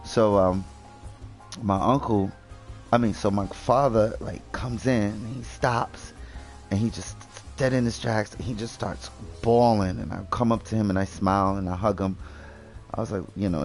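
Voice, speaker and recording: A man's voice: fairly low pitch, vocal fry, darkish tone. A young man chatting casually while gaming, rambling with lots of fillers and swearing freely. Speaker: gaming video host.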